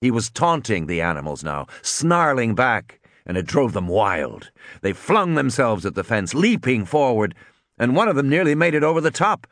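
A man narrates an audiobook with dramatic expression. His pitch sweeps widely through each sentence. The recording is close and dry. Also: very animated, moderate pace, a bit bright, no room sound.

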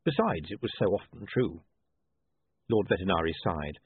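A man reads a story aloud with dry wit and a lively, expressive rise and fall. His voice is husky. The sound is dry and narrow, like it is coming through a phone line. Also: low-pitched, moderate pace, dry recording. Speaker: audiobook narrator. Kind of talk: expressive scripted narration.

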